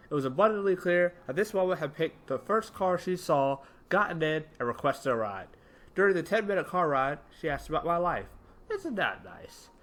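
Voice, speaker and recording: A man reading internet stories aloud with a lively, swooping delivery and a voice a touch higher than most. He stops to fix his own slips as he goes, and soft music plays underneath. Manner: animated reading with small self-corrections. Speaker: story narrator. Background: faint background music.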